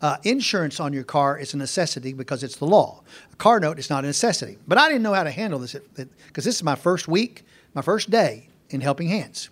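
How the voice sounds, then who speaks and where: High-voiced older man preaching folksy lessons. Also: expressive, fast, fairly bright tone. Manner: folksy, repetitive, emphatic. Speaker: minister. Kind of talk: storytelling sermon.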